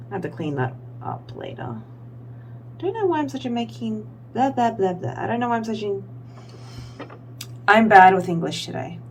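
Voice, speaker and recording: A woman's voice: medium pitch, background noise. A young woman vlogger talking casually through a makeup tutorial, rambling with lots of fillers and poking fun at herself. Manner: rambling, filler-heavy, self-deprecating. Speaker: beauty vlogger.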